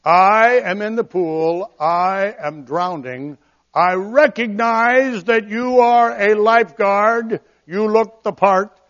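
A man's voice: sits high, takes it slowly, a bit bright, dull audio, voice pushed up. A preacher voicing an absurdly polite, overly formal drowning man as an example in his sermon. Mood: formal pleading.

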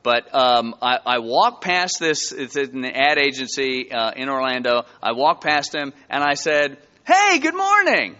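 A man preaching a sermon to his church, telling stories with lively, rising emphasis. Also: mid-range voice, unhurried, few pauses, clear, resonant tone, long reverb tail, dull audio. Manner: animated storytelling with rising emphasis. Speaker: pastor. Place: church sanctuary.

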